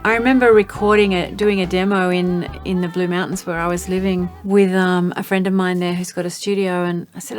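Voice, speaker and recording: Heartfelt woman with lowish voice. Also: level tone, brisk, few pauses. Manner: earnest, grateful, heartfelt storytelling. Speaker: singer-songwriter. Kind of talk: reflective promo narration. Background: faint music.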